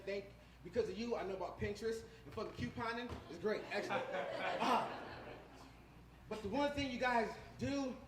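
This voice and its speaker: A male stand-up comic tells crude, rambling stories with a lively, swooping delivery. He is recorded live in a roomy club. Clear background noise sits under his voice. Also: sits high, recorded from a distance. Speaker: stand-up comedian. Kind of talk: stand-up comedy set. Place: comedy club stage before a live audience.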